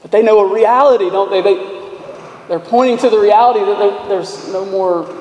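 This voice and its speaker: A man preaching a sermon as pastor, talking conversationally, restarting words and moving between brisk runs and slow, emphatic lines, in a church. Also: high-pitched, darkish tone, lo-fi sound, slight background noise. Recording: echoey reverberant hall.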